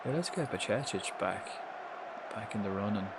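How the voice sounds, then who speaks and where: A man giving casual, swear-laden commentary while playing a football management game live, reacting loudly to the match. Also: fairly low pitch, expressive, moderate pace, very noisy. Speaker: streamer.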